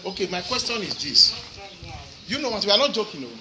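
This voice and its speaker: A man's voice: high voice, very animated, quick pace, noisy background. A man preaching and questioning his congregation, repeating tag questions like "eh?" as he goes. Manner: questioning, repetitive tag questions, Nigerian Pidgin. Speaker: pastor. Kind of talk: sermon questioning children and congregants.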